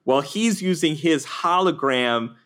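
A man playing a tabletop game, excitable and joking as he plans. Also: fairly high pitch, unhurried. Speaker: player. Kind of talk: casual tabletop play.

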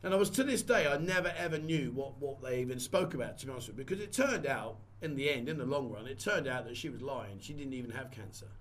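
A man's voice: mid-range voice, animated, fast, few pauses. A man vlogging a candid personal story in a rambling, conversational way and repeating phrases. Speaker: vlogger and photographer.

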